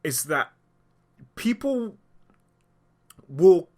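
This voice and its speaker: A man giving impassioned opinion commentary in a vlog, heated and sarcastic, sometimes dropping low as he admits he is upset. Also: big pitch swings, very slow, darkish tone. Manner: heated, sarcastic, rising to indignant outbursts; talks through being upset, voice dropping low at times. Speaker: vlogger.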